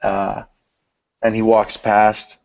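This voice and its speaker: A man's voice: lowish voice, completely flat delivery, takes it slowly, vocal fry, a little mellow, a little hiss or hum. A young man co-hosting a podcast, chatting loosely about films in slang. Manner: loose slangy talk, says dude. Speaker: podcast co-host. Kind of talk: casual film discussion. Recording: dull lo-fi podcast audio.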